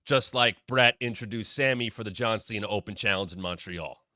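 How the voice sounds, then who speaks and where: A man hosting his own wrestling talk show, giving casual solo commentary and quoting people in quick asides. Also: fairly low pitch, dry recording, clean studio sound. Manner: animated, drops into quoted voices.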